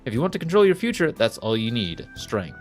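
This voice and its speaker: Earnest young woman fortune teller from a game, read by a man, lively pitch, faint game music underneath. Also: brisk, lightly acted. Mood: encouraging. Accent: Southern US, put on. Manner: earnest, pleading, slips briefly into a folksy drawl. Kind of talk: reading video game dialogue aloud.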